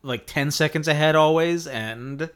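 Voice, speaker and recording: Measured man discussing a book. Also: a little high, clean tone. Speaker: podcast co-host.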